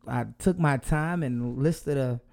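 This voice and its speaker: A man's voice: medium pitch, slow, darkish tone. A man co-hosting a podcast in casual chat, joking and easygoing. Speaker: podcast co-host.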